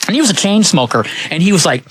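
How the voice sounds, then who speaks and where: A male radio co-host telling lively stories and greeting callers, laughing while he talks into a studio microphone. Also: high voice, fast, husky. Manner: animated storyteller, laughs while talking. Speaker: radio talk show co-host. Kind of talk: casual radio chat.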